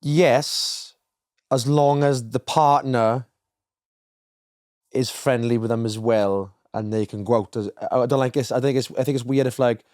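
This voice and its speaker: A young man talks casually as a podcast co-host, rambling and often restarting his sentences. His voice sits in a middle pitch. The sound is dry and close, with no room echo. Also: fairly even intonation, unhurried, darkish tone. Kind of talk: casual chat.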